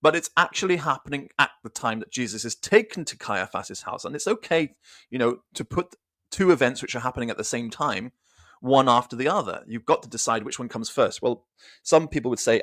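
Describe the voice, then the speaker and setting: A man's voice: medium pitch, lively intonation, brisk, a bit bright, no echo, studio quality. A man giving an informal Bible study on a livestream, thinking aloud with restarts and reading passages aloud. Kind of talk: informal scripture teaching on a livestream.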